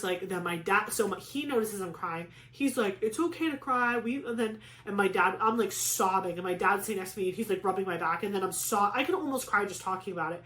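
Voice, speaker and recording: A chatty young woman with a middle-pitched voice tells a long personal story in a relaxed, rambling way, full of "like" fillers. Her voice sits a little back in an echoey room. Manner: chatty, many "like" fillers, animated retelling. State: pregnant. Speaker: craft vlogger. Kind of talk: casual storytelling chat.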